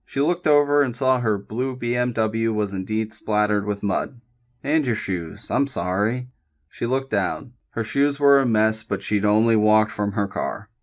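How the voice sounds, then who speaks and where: A man reading a novel aloud as a calm, measured audiobook narrator. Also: on the low side. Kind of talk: scripted narration.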